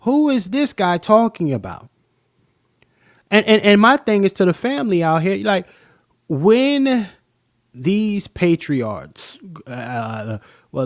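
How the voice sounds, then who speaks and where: A man hosts a live stream in a casual, profane manner, talking right to his viewers. His pitch sits a little high and swings widely as he reacts. The sound is dry and close, with no room around it. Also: no room sound. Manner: animated and profane, addressing viewers directly. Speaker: host of a live-stream talk show.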